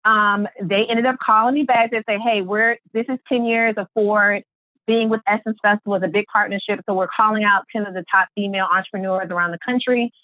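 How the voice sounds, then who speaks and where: A woman guest on a podcast, telling her story in an animated way and acting out the quotes. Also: mid-range voice, fairly quick, no echo. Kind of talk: storytelling interview. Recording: tinny phone-line sound.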